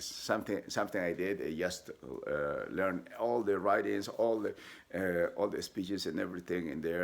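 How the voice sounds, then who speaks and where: A man telling a personal story, halting with many fillers and restarts, and acting out the people he quotes in sudden high voices. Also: creaky. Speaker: vlogger telling his life story.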